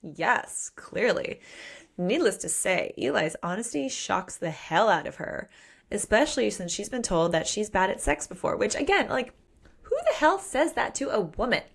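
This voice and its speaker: A woman's voice: mid-range voice, big pitch swings, normal speed, gravelly, slightly rough. A woman co-hosting a podcast, casually and playfully recapping a romance novel in a chatty book discussion. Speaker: podcast co-host.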